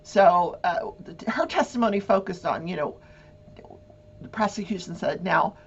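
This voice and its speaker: A woman hosting a talk show, giving casual true-crime commentary in an animated way and acting out voices. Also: on the low side, moderate pace, slightly rough, dull audio. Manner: animated, acts out voices and swears.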